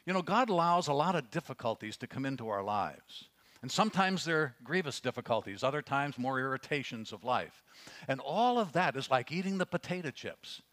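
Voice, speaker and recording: Male pastor, mid-pitched, casual sermon delivery, punches up questions. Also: big pitch swings, fairly quick, a bit bright. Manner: conversational preaching, rising to emphatic questions.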